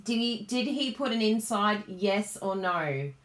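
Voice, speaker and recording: An Australian woman hosting a card-making live stream, chatty and gushing and quick to laugh. Her voice sits at an ordinary middle pitch. It rings with the echo of a roomy room. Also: animated. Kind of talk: casual live-stream chat. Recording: roomy, echoey room sound.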